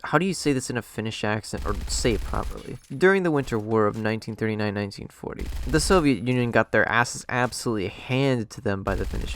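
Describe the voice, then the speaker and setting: A man's voice: on the low side, fast talker, hardly any pauses, a bit bright, slight background noise. A man giving a jokey, sarcastic game review commentary over gameplay. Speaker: gaming channel host.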